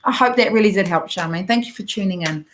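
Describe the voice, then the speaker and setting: A woman with a New Zealand accent giving a gentle, encouraging oracle card reading to viewers, talking directly to them with plenty of ums. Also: mid-range voice, fast talker, slight background noise, poor audio.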